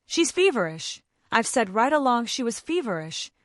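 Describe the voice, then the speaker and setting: A woman's voice: high-pitched, sing-song, normal speed, no room sound, clean studio sound, voice pushed up. A woman doing a whimpering, fussy old cousin. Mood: fretful. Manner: moaning, wailing.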